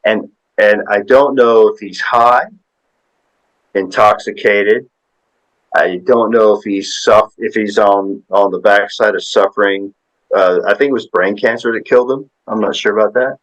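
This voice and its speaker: A man's voice: lowish voice, steady tone, unhurried, poor audio. A man in his sixties, a podcast guest, telling a story in a rambling, folksy way with lots of tag questions. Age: 60s. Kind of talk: casual storytelling chat.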